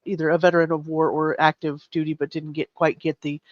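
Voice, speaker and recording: A man's voice: a little high, flat delivery, a little fast, no echo, lo-fi sound. A man hosting a live true crime chat, earnest and emotionally shaken, often stumbling over his words. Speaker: host.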